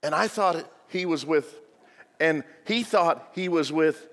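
A man's voice: on the high side, slow pace, a bit bright, in a large hall. A male pastor giving a sermon in a church, telling the story with humor and joking asides.

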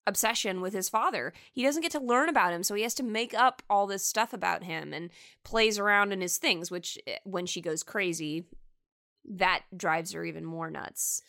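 A woman's voice: mid-range voice, normal speed, vocal fry, sharp tone. A woman co-hosting a podcast who laughs often and recaps a film in a chatty way, full of fillers. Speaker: podcast co-host. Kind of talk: casual film discussion.

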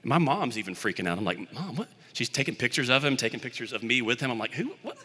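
Bright-voiced man preaching in a hall. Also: mid-range voice, animated, racing. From Birmingham, Alabama area. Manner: conversational, self-deprecating storytelling. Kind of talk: sermon.

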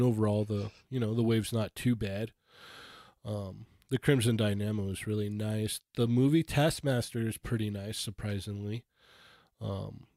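Man, casual storyteller, animated quoting, dry close sound. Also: fairly low pitch, dry recording. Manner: animated, acts out quotes in funny voices. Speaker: podcast co-host.

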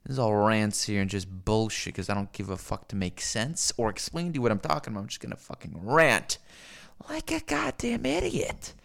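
A man's voice: on the low side, sing-song, fairly quick, gravelly, a bit bright. A man streaming alone, giving a rambling, profane, sardonic rant. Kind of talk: unscripted solo rant.

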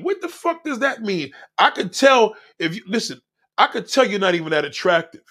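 A man hosting a livestream, reading chat comments aloud and mocking them in a loud, profane rant. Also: high voice, normal speed, husky. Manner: loud, animated, heckling and mocking. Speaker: livestream host.

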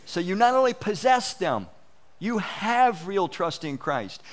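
A man's voice: sits high, measured pace, slight background noise. A man giving a conversational, folksy sermon, acting out inner voices and often restarting his words. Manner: animated, acts out inner voices. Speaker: preacher.

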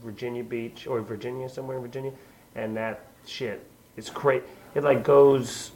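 A man from Long Island, New York, chatting as a guest in a basement, rambling in a relaxed way with many fillers. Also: medium pitch, normal speed, a little hiss or hum, rough recording. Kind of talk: casual chat. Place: basement room.

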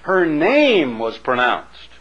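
A man's voice: a little high, wildly swooping pitch, slow pace, fairly bright tone, husky, highs cut off. A man delivering a radio sermon as an evangelist broadcaster, with dramatic emphasis. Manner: dramatic, swooping emphasis with acted-out voices.

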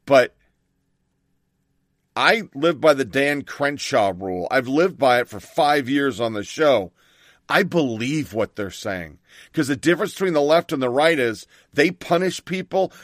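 A middle-aged man with a medium-pitched voice, recorded dry in a clean studio, hosts a talk show. He delivers an opinionated radio monologue as a blunt, angry rant full of profanity.

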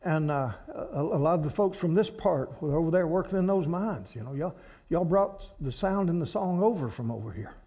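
A man from Kentucky with an Appalachian accent preaches as a guest speaker at a church, telling stories in a folksy way. His voice is a little high and dark in tone, with lively intonation at a normal speed.

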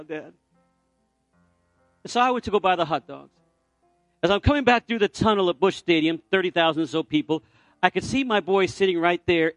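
Storytelling preacher with a fairly high voice. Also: male voice, no room sound. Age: middle-aged. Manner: storytelling, building to fervent exhortation. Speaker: pastor. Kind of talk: sermon with altar call. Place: church sanctuary.

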